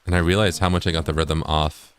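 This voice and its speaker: A male streamer chatting casually while playing a game, relaxed and chuckling, reading viewer messages aloud. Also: rumbling low, fast, faint music behind. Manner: relaxed, chuckling, sprinkles Japanese phrases, reads chats aloud.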